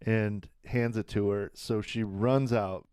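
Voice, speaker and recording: A man's voice: lowish voice, steady tone, a little mellow, smooth, no room sound, clean studio sound. A man casually recapping a TV episode on a podcast, laughing as he retells the scenes. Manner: retells scenes with quick acted quotes, often laughing. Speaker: podcast co-host.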